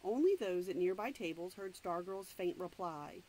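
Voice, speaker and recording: A woman's voice: fairly low pitch, lively intonation, mellow, a little hiss or hum, low-quality recording. A woman reading a novel aloud, stopping now and then to explain the story in her own words. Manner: plain, unhurried read-aloud narration with asides. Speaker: reader.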